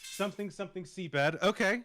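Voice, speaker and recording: Male stream co-host; slightly high, bright, dry laid-back asides, faint music behind. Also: moderate pace. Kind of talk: casual live commentary.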